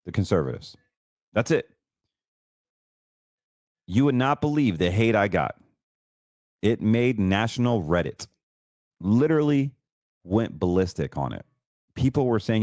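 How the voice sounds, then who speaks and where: A man's voice: lowish voice, very animated, unhurried, long pauses, darkish tone, no echo, studio quality. A middle-aged man from North Carolina with a Southern American accent, hosting a casual monologue and ranting bluntly about his critics. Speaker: host.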